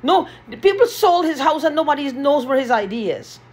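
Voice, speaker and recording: A woman's voice: high-pitched, animated, fairly quick, a little mellow. A woman in an agitated, repetitive vlog rant, swearing often, recorded in a small basement room. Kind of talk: ranting vlog monologue.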